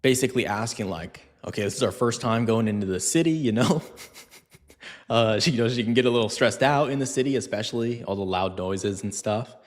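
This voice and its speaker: A man's voice: medium pitch, brisk, big-room sound. A man who trains dogs, answering viewer questions on a live stream in a loose, chatty way with lots of fillers. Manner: casual, chatty, lots of fillers, acts out scenes in funny voices. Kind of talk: live Q&A stream, casual talk.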